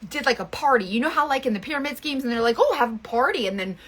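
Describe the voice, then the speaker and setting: A woman's voice: high voice, sing-song, fast, a bit bright, slightly rough. A woman telling a rambling story in casual chat, full of fillers and restarts. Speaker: makeup seller and vlogger.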